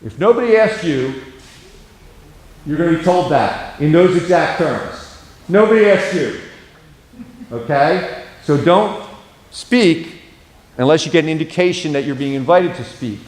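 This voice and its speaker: A man, a pastor, teaching a counseling class in a conversational lecture style, often checking in with the class and going softer and slower when he models calm talk. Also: on the high side. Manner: drops to a soft slow voice when modeling calm speech. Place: church hall. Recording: echoey church room.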